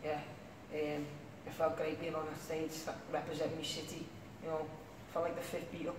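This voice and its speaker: A man's voice: a little high, completely flat delivery, normal speed. A young man with a Liverpool accent, a singer chatting casually as an interview guest, rambling and full of "you know what I mean". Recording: echoey room, distant mic, faint noise.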